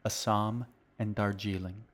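A man reading his own novel aloud in calm, measured scripted narration. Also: on the low side.

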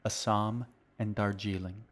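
A man narrating his own novel in a podcast, reading in a measured, unhurried way. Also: lowish voice, little pitch movement. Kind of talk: scripted narration.

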